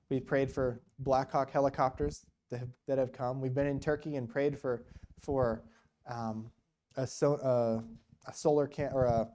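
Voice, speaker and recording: Guy preaching at church, dark mellow voice, chatty storytelling, lots of "you know" and "right?". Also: mid-range voice, a little hiss or hum. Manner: conversational, full of rhetorical questions and "you know". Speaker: guest speaker at a church. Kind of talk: storytelling sermon.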